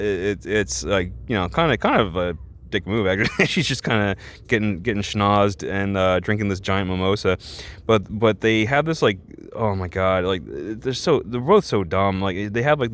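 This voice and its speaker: A man's voice: lowish voice, fairly bright tone, a little hiss or hum. A man ranting in reaction commentary, rambling and exasperated, with many restarts and fillers. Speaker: vlogger.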